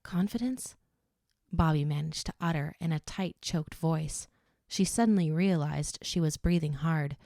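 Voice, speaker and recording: Woman doing audiobook narration, steady reading, lowish voice, dry close sound. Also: normal speed, vocal fry, dry recording. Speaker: audiobook reader.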